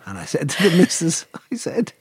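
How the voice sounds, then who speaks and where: Husky irish guy in his 40s or 50s yarning about a takeaway night, dry mic. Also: a little high, brisk, no room sound. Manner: animated anecdote-telling, acting out family voices. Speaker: podcast co-host. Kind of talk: casual storytelling chat.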